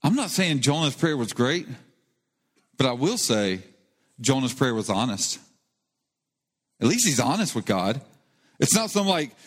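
A man's voice: mid-range voice, big pitch swings, slow pace, long pauses, slightly rough. A male pastor giving a sermon, earnest and conversational, with rising emphasis on key points. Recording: long reverb of a church hall.

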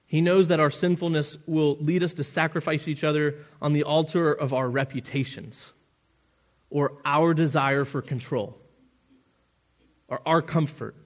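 A man preaching a sermon as pastor, earnest and often restarting his phrases, with the odd chuckle at his own asides. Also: fairly high pitch.

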